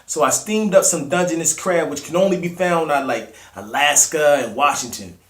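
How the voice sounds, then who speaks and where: A young man with a Maryland accent chats in relaxed slang, calling his viewers family. His voice sits a little high, and the room adds a noticeable echo. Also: normal speed. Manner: laid-back slangy, calls viewers family. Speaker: mukbang vlogger. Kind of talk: casual eating vlog.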